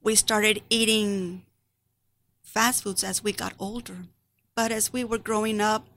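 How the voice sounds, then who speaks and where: This is a middle-aged woman telling a personal testimony, her voice carrying a rough, creaky edge. She speaks slowly and deliberately, earnest and steeped in grief as she reflects on her family. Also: mid-range voice, flat delivery, fairly bright tone.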